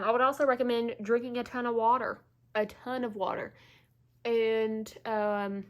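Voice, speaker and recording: A woman's voice: medium pitch, a bit bright. A woman beauty vlogger chatting casually through a makeup tutorial, stuffy and a bit out of breath from allergies, full of "like" and "um". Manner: chatty, filler-heavy, lots of "like" and "um".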